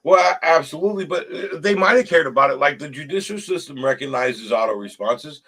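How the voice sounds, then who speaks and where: A man's voice: on the high side, brisk, rough recording. A man hosting a casual recovery group chat, talking earnestly with stumbling restarts. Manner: earnest, stumbling restarts, rises sharply when animated. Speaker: show host.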